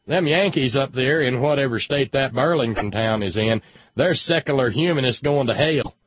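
A man voicing a smug, preachy small-town churchgoing man in a loud, sneering, mock-pious drawl. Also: mid-range voice, normal speed, slightly rough, dry recording, pitched above the performer's own voice, close to an everyday voice. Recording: dull lo-fi audio.

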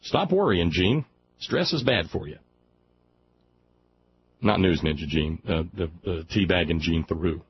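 A man's voice: deep voice, expressive, measured pace, long pauses, dull audio, slight background noise. A man from Alabama hosting a talk radio show, reading a news story aloud and breaking off into mocking, sarcastic asides. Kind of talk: sardonic commentary on a news story.

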